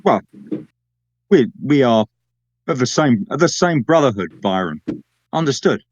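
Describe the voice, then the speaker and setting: A man's voice: mid-range voice, expressive, unhurried, dry recording, lo-fi sound. A man talking as a player in a tabletop game, hesitant and repeating words.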